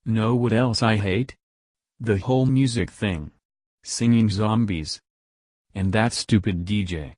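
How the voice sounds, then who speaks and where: A man's voice: fairly low pitch, takes it slowly, darkish tone, no room sound, clean studio sound. A man doing a grumbling crooked boss. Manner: grumbling, complaining.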